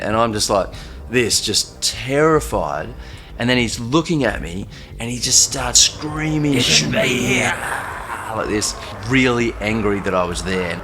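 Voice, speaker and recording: A young man telling a personal story in a loose, halting way, full of fillers and restarts. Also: on the low side, fairly bright tone, slight background noise. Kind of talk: casual first-person storytelling. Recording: faint music underneath.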